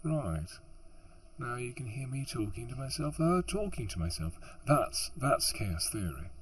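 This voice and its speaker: A man's voice: mid-range voice, sing-song, a little slow, slightly rough, low-quality recording. A man reading a fantasy audiobook who keeps stumbling, restarting lines and joking to himself between passages. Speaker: audiobook narrator. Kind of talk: audiobook outtakes with rambling asides.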